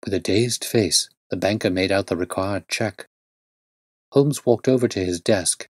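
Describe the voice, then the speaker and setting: A man narrating a classic story in a steady, even reading voice. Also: deep voice, husky, no echo, clean studio sound.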